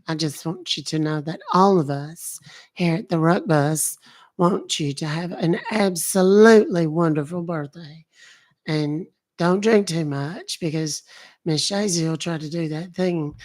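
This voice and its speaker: A man's voice: fairly high pitch, lightly acted. A man voicing Beverly, a sweet older woman giving a doting birthday wish.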